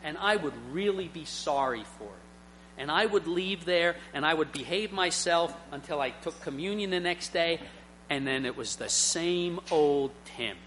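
A man's voice: on the high side, expressive, measured pace, a bit bright, a little hiss or hum. A middle-aged man preaching a sermon, telling personal stories earnestly and swelling into emphatic points.

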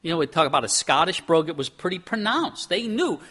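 A man's voice: fairly high pitch, big pitch swings, fairly quick, pushed and bright, husky. A man from Pennsylvania preaching a sermon as a pastor, talking in a conversational way with rhetorical questions, acting out quotes and often repeating words as he restarts.

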